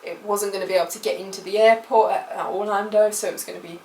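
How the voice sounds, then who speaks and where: A woman's voice: medium pitch, steady tone, quick pace, darkish tone, a little hiss or hum. British woman vlogger, emotional rambling storytime, roomy and off-mic. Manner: emotional, rambling retelling with many fillers. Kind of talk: personal storytime vlog. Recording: echoey room, mic at a distance.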